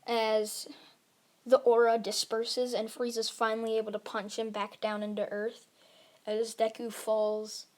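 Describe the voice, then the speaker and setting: A woman's voice: on the high side, darkish tone. A woman narrating an improvised fan-fiction story, rambling along with frequent restarts. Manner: rambling, with many restarts and fillers.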